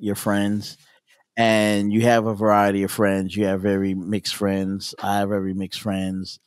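A man hosting a podcast in casual chat, relaxed and laughing often, leaning on "you know". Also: on the low side, no echo, studio quality. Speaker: podcast host.

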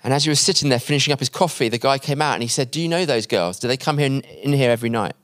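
Male preacher at a conference, mid-pitched, dry close mic, storytelling sermon that goes soft at the moving parts. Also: no room sound. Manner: acts out quoted voices in the story; drops quiet and slow at emotional points. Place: conference hall.

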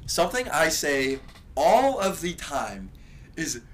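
A young man chats on a podcast, his slightly raised voice swinging widely in pitch. He spins profane, rambling stories and breaks into loud bursts. The talk is loose and casual. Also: sing-song, slow. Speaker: podcast co-host. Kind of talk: casual chat.

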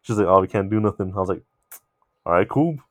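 A young man casually telling a long, animated story among friends, swearing freely. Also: low-pitched, fast talker, dry recording.

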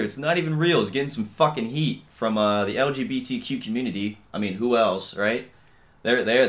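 A man's voice: medium pitch, a bit bright. A young man hosting a podcast, ranting bluntly and swearing constantly, with lots of filler and "you know what I mean.". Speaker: podcast host. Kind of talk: casual rant.

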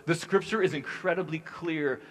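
A man's voice: fairly high pitch, moderate pace, fairly bright tone. A man preaching as pastor in a casual sermon, chatty and joking in his asides. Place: church hall. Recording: long hall reverb.

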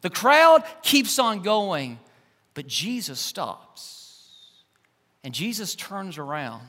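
A man, a pastor, preaching a sermon and telling a personal story in an animated, emphatic way, his voice swinging between loud and hushed. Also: high-pitched, slow pace. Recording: long church-hall reverb.

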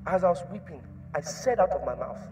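A man preaching a sermon in church, repeating phrases and swinging from hushed tones to shouts. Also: a little high, expressive, brisk, faint music behind.

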